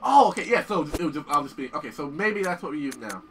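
A man casually commentating on a horror video game as he plays, excitable and swearing often. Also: on the high side, fast talker, far from the mic, slight background noise. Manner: excitable, profane, yells at the game. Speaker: gameplay commentator. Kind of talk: casual let's-play commentary.

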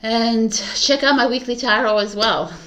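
A woman's voice: on the high side, fairly even intonation, normal speed, fairly bright tone. A woman tarot reader talking casually to her viewers, affectionate, laughing often and repeating herself. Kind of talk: casual spiritual talk to viewers.

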